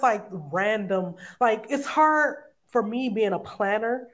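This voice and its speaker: Brief: woman guest on a podcast, chatty, laughs a lot, mid-pitched voice. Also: expressive, slow pace. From United States. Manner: chatty, laughs often, many restarts. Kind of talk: casual interview chat.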